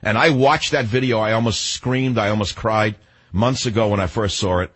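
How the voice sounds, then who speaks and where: Older radio host ranting, husky voice, fired up and combative. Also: male voice, fairly low pitch, fairly even intonation, normal speed, a bit bright. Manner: indignant, emphatic, combative. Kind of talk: talk radio monologue.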